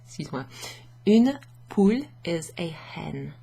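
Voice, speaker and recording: Woman teaching french, husky, gravelly, mellow low voice, chatty home lesson. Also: measured pace. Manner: chatty, laughs often, mixes English and French. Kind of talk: casual language lesson. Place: home office with a standing desk.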